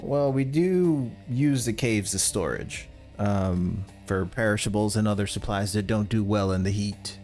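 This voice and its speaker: A man's voice: on the low side, darkish tone, soft background music, close to an everyday voice. A man playing a drawling, laid-back villager. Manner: slow, drawling, dryly unbothered. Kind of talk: in-character tabletop role-play.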